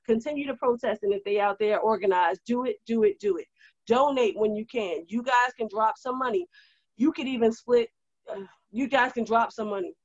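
A woman co-hosting a casual chat, animated and rousing as she urges listeners on. Her voice sits fairly high. The recording is dull and lo-fi with a dry, close sound. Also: moderate pace, no echo. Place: at a desk indoors.

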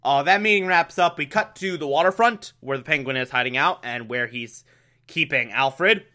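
Male host, casual comic recap, wry and chatty, bright, slightly high voice. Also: normal speed. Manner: wry, chatty, laughing asides. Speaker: show host recapping an episode.

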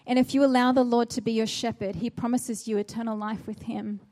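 Woman preacher with a soft, mellow voice. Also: fairly high pitch, fairly even intonation, a little fast. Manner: earnest, exhorting with rhetorical questions. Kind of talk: sermon.

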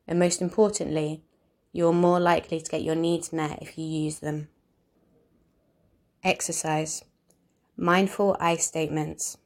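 A woman giving a calm, measured instructional narration, explaining ideas step by step. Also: deep voice, vocal fry.

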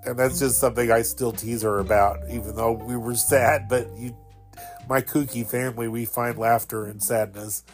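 A man's voice: medium pitch, steady tone, moderate pace, soft background music. A man in his fifties, a podcast host, telling rambling, sentimental stories about a childhood pet. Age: 50s. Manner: rambling, sentimental, with fillers and laughs. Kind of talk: casual storytelling monologue.

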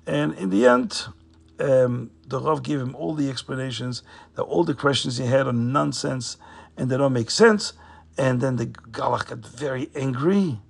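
A man retelling a story casually, with a raspy voice and frequent fillers. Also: medium pitch, lively intonation, moderate pace.

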